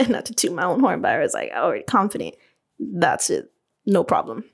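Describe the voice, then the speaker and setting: A woman hosting a podcast, telling her own story in a casual, animated way. She fills her talk with "like", laughs often and swears freely. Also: on the low side, normal speed, creaky, husky. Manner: chatty and animated, many "like" fillers, laughs. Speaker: podcast host and beauty business owner.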